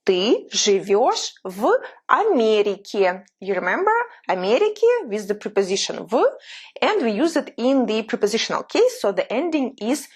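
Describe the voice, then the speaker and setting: A woman teaching an online language lesson, explaining patiently and slowing down to repeat example phrases. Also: a little high, very animated, a little mellow, slightly rough.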